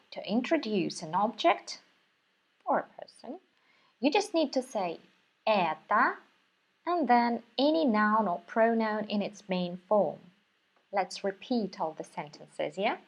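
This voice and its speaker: Slow, patient Russian-accented woman teacher. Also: mid-range voice, very animated, gravelly. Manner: patient, repeats words slowly for learners. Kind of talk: slow, careful language lesson.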